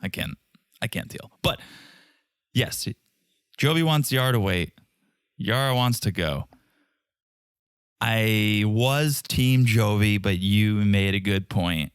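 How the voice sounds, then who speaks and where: A man talks through a reality show episode with a sarcastic edge. His pitch swings widely as he mocks the people on screen. The recording is close and dry. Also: slow pace, pauses often, clear, resonant tone, no room sound. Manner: animated, sarcastic, mimics people with big pitch jumps. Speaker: podcast co-host. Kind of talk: casual recap chat.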